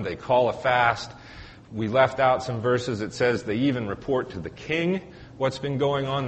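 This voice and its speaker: A male priest giving a conversational sermon, retelling stories in a relaxed way with filler words and dry humor. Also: medium pitch. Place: church. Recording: echoey church hall, faint hiss.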